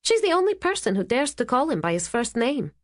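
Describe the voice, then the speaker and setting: A seductive, scheming assistant, as a woman voices her in a whispered role-play, hushed and suggestive. Her voice rises well above the narration in pitch, and the recording is close and dry. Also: very animated, fairly quick, no room sound. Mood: whispering.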